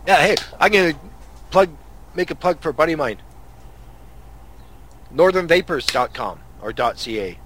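A man's voice: fairly high pitch, sing-song, normal speed, pauses often, fairly bright tone, a little hiss or hum. A man from Canada hosting a podcast, telling angry road-rage stories in a profane, casual rant. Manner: angry, swearing storyteller. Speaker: podcast host.

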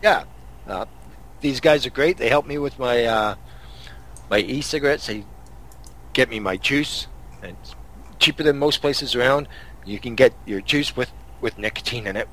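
Husky, foul-mouthed Canadian man ranting. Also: medium pitch, moderate pace, long pauses, fairly bright tone. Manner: angry, swearing storyteller. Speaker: podcast host. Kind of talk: profane casual rant.

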